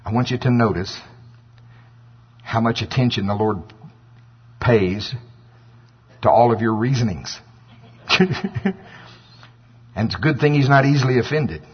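A man preaching a sermon, animated and acting out scripture voices, with a husky voice. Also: mid-range voice, unhurried, long pauses. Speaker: pastor. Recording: dull lo-fi with long hall reverb.

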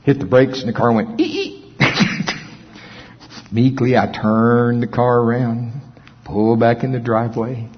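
A middle-aged male pastor preaching a sermon, folksy and storytelling, with chuckles and hushed dramatic pauses. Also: medium pitch, little pitch movement, slightly rough. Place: large auditorium. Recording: dull, long-reverb hall sound.

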